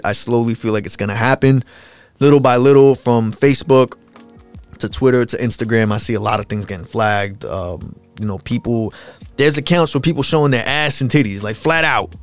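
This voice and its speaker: A man hosting a solo podcast, ranting in a casual, profane, animated way and mocking people with put-on voices. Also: mid-range voice, clean tone. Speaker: podcast host.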